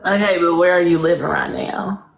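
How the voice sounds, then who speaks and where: A woman's voice: on the low side, fairly even intonation, moderate pace, gravelly, low-quality recording. Woman from Louisiana, stream host; sassy, blunt, teasing delivery. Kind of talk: joking live video chat.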